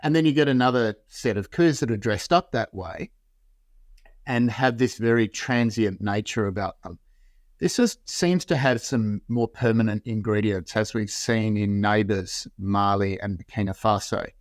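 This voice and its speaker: A man being interviewed, giving a measured analysis built from long, carefully qualified sentences. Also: lowish voice, dry recording, studio quality. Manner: measured, builds points in long qualified clauses. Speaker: interview guest.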